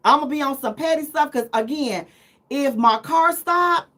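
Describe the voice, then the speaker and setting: A woman's voice: high-pitched, moderate pace, pushed and bright. A middle-aged woman hosting a live radio talk show, telling teasing, self-mocking stories in a casual chat.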